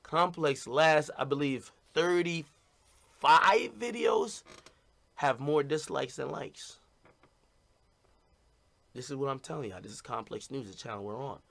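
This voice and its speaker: A man's voice: a little high, animated, a little slow, creaky, long pauses, a bit bright. A man talking casually and bluntly to his stream audience, rambling and repeating "you know what I mean".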